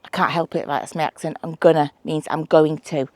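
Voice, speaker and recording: A deep, steady woman's voice, a little fast and a little mellow, on a dry recording. The speaker is a middle-aged allotment vlogger with a Manchester English accent who chats while building a trellis outdoors, thinking aloud and making self-deprecating remarks about her DIY.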